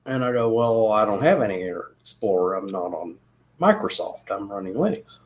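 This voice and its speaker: A man's voice: medium pitch, lively intonation, fairly quick, darkish tone. A man hosting a casual chat with friends, telling stories and laughing at them. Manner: laughs at his own stories.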